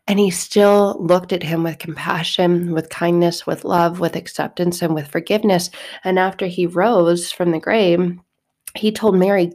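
A woman's voice: fairly low pitch, fairly even intonation, normal speed, darkish tone. A woman hosting a podcast, talking casually and animatedly about faith, acting out quotes, laughing often and swearing now and then. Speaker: podcast host. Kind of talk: casual spiritual talk.

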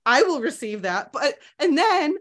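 Animated woman telling a story. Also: high-pitched, unhurried. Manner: animated, acts out quoted dialogue, laughs often; talks straight to listeners. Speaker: podcast host. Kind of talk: casual storytelling chat.

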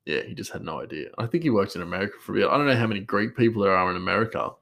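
A man's voice: on the low side, lively intonation, very fast, vocal fry, fairly bright tone. A man, a chef, telling a story in a rambling, casual way and chuckling often.

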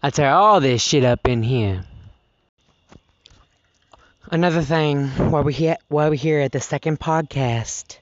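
A teenage high school student ranting casually on a podcast, profane and dramatic. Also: unhurried, pauses often, no room sound, dull audio. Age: teens. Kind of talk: casual rant.

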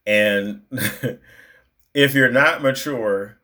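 A man's voice: mid-range voice, extremely slow, sharp tone. A man talks in a loose, conversational monologue, leaning hard on his points. He fills the gaps with plenty of likes and you knows. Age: adult. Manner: conversational, emphatic, lots of fillers. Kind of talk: casual monologue.

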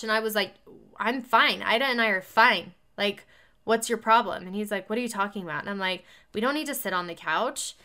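Bright-voiced woman telling a story. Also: medium pitch, fairly quick. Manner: animated, acts out both sides of a conversation. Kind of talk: casual chat.

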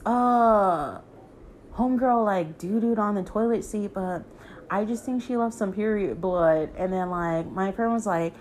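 A woman's voice: mid-range voice, measured pace, slight background noise. A young woman telling a story in a casual, slangy way, full of fillers, acting out her friends' lines.

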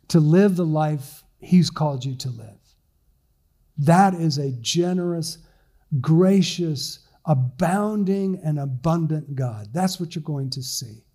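Middle-aged man preaching a warm sermon. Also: a little high. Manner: conversational preaching with many fillers and restarts. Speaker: lead pastor. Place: church.

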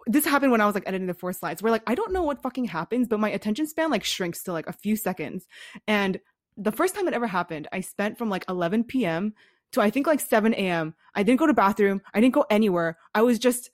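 Fast-talking young woman, dry sound. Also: mid-range voice, lively intonation, dry recording. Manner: rapid, profane storytelling. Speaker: podcast co-host. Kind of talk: casual podcast chat.

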